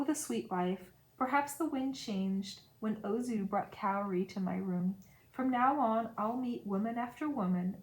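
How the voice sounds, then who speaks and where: Woman, audiobook reader, steady novel narration, casual asides. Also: fairly high pitch, rough recording. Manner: reads aloud with brief casual asides. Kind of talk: novel reading with commentary.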